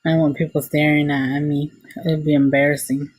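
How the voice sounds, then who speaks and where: A woman casually telling a personal story, animated and exclamatory, acting out her own reactions, recorded on a computer mic. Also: sits low, brisk, breathy edge, no echo. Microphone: computer mic, screen recording.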